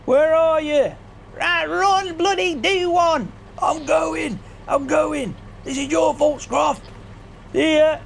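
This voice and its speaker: A man voicing a hot-tempered farmer with a strained, raspy voice who rants and threatens. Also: very high voice, takes it slowly, slight background noise, pitched above the performer's own voice, heavily acted. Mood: furious. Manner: ranting, threatening, yelling. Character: furious shouting male farmer, hot-tempered. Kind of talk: game video character voice.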